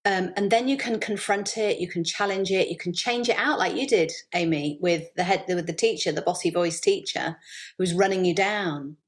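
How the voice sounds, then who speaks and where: A woman chatting as a podcast guest, telling stories in a lively, animated way. Her voice sits slightly low for a woman. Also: moderate pace. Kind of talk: casual interview chat.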